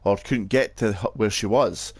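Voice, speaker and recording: A man's voice: fairly low pitch, normal speed, husky. A young Scottish man co-hosting a podcast, in casual, sweary chat on a headset microphone. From Scotland. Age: young adult. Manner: sweary, laid-back, yawning. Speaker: podcast co-host.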